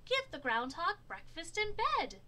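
A woman voicing eager little children in a storybook, calling out their ideas in a high, excited way. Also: unhurried, a little hiss or hum, exaggerated voice.

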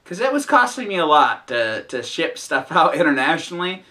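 A male vlog host talking casually to his viewers, unrehearsed and wandering through his thoughts. His voice is bright and crisp and sits a little high. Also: sing-song, normal speed. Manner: rambling, unrehearsed, with restarts. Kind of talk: casual chat.

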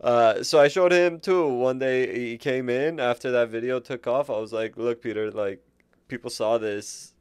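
A man's voice: medium pitch, normal speed, darkish tone, smooth, no room sound, studio quality. A man co-hosting a podcast, chatting casually and laughing often as he tells stories about customers. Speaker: podcast co-host. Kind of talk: casual chat.

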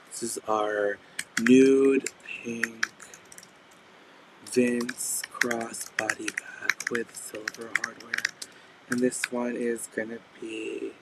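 Hoarse male live-sale host, chatty and detailed, with a noisy background. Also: medium pitch. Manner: chatty, describes items in detail. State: hoarse, losing his voice. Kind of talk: casual live-stream sales pitch.

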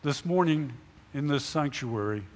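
A middle-aged man delivers a Sunday sermon from the front of a church sanctuary. His voice sits slightly high for a man and trails off into a long echo under the high ceiling. He keeps asking his listeners questions and acts out little imagined dialogues as he speaks. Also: expressive, unhurried, darkish tone. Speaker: pastor. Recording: long hall reverb in a church.

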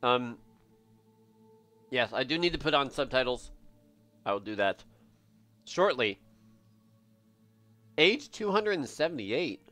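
Excitable male game streamer. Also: medium pitch, slow, long pauses, soft background music. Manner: excitable, joking, thinking aloud. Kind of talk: live gameplay commentary.

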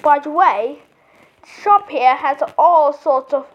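A woman's voice: sits high, slow, dull audio. A woman voicing a cheerful woman professor, reading game text aloud playfully. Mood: chatty.

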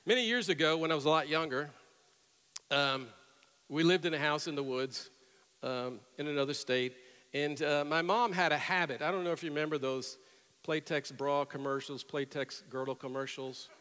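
A middle-aged man preaching from the pulpit, his fairly high voice bright and forceful. He tells stories and then rises to loud, emphatic peaks. The sound rings through a large church hall with a long reverb. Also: normal speed. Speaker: pastor. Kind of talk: sermon.

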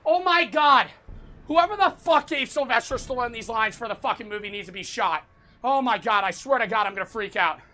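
A young man streaming a boxing game, swearing constantly and ranting to his chat with excitable shouted outbursts. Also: high voice, fast. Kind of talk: gaming livestream commentary.

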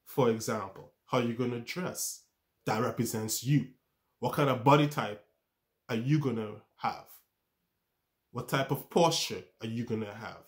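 A man talks viewers through self-improvement in an average-pitched voice. He keeps asking rhetorical questions and repeating points like a coach. He often trips over his words and starts phrases again. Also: a little slow. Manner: stumbles and restarts words. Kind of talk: motivational talk to camera.

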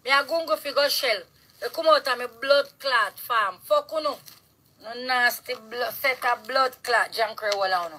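A Jamaican woman ranting outdoors in a yard, loud, heated and full of curses, recorded on a phone. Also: fairly high pitch, a little slow, low-quality recording. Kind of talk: angry street rant to camera.

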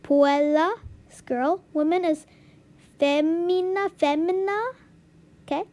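A woman's voice: extremely high pitch, takes it slowly, a little mellow. A woman vlogging as she works through a language lesson, puzzled and giggly, sounding out new words to herself. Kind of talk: casual commentary while doing a language lesson.

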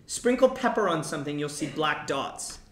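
A man's voice: fairly high pitch, normal speed, reverberant, slight background noise. A man teaching a class about a play, explaining lines and acting out quotes with energy. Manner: animated, acts out quoted lines.

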